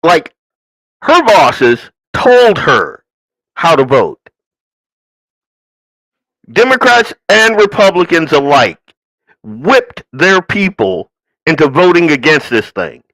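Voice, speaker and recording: A man's voice: on the high side, sing-song, slow, long pauses, fairly bright tone, dry recording, poor audio. A man hosting a political commentary podcast who talks in a ranting, sarcastic way, with mocking asides and put-on quotes. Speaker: podcast host.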